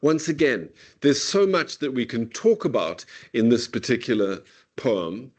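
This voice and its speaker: A man's voice: medium pitch, lively intonation, a little mellow. Man lecturing on poetry, casually. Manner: casual, peppers speech with "okay" and "whatever"; reads verse aloud slowly and deliberately. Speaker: literature lecturer. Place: online meeting. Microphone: video call.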